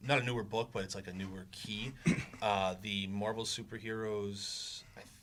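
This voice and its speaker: A low-voiced man with a bright, forceful tone, chatting casually and a little haltingly. Faint noise sits behind him. He fills in details as he goes. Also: steady tone. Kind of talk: casual chat.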